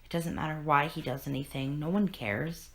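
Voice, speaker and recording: A woman's voice: sits low, steady tone, moderate pace, a bit bright. A woman hosting a podcast, retelling a comic in an earnest, emotional way with many restarts. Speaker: podcast host. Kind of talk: casual comic discussion.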